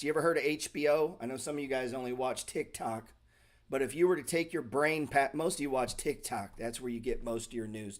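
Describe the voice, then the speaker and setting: A middle-aged man hosting a casual stock market show, talking bluntly and sarcastically, with profanity and mock self-pity. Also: mid-range voice. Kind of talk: casual livestream talk.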